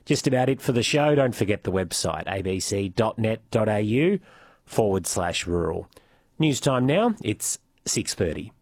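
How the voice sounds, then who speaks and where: Man, radio host, lowish voice, dry close studio sound. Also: very animated, normal speed, dry recording. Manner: conversational, asks long questions. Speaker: radio rural show host. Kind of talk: radio interview and show wrap-up.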